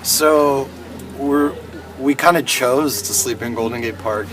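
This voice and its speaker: A laid-back man tells road stories in a rambling, easy way, with laughs scattered through. He sits a little back from the mic inside a parked van, so his voice sounds slightly distant. His pitch is average for a man. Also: slow, music in the background. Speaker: band member. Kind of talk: casual storytelling in an interview.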